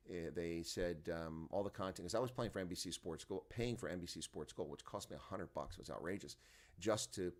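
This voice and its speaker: A man hosting an early-morning rugby live stream from home, rambling to his chat viewers and sounding tired and groggy at his desk microphone. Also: deep voice. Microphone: desk microphone, volume turned up.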